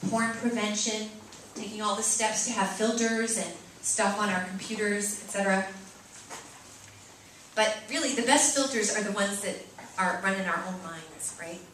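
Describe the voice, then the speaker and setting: A Catholic sister from Boston giving a lively, chatty talk to students and parents, often checking in with "right?". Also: female voice, mid-range voice, a little slow, a little hiss or hum. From Boston, USA. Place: large room with an audience. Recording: echoey room, mic far off.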